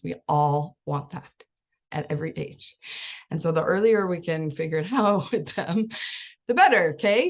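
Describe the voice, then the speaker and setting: A woman life coach in her thirties talks casually with parents, laughing between thoughts and jumping into bits of quoted dialogue. Her voice sits a bit low and carries a gravelly edge. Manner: chatty, laughs often, acts out quoted voices.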